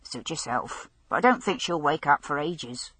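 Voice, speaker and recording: A woman's voice: low voice, animated, moderate pace, fairly bright tone, breathy edge, no echo, exaggerated voice. A woman voicing a bored, offhand female police constable on guard duty.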